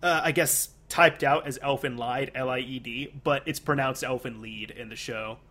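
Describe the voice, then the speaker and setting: A young man chatting casually as a podcast co-host, rambling and animated, with many restarts and fillers. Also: medium pitch, moderate pace. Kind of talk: casual chat.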